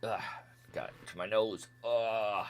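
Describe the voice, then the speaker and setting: Speaking slowly with fairly even intonation, a man with a voice on the low side streams a retro game. It's casual let's-play talk, full of jokes, with the game's text skipped via runs of "blah blah" and "meow."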